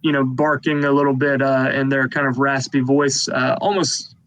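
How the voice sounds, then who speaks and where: A man's voice: medium pitch, level tone, normal speed, fairly bright tone, rough recording. A man narrating a tabletop game as game master, describing the scene in a rambling way with many fillers.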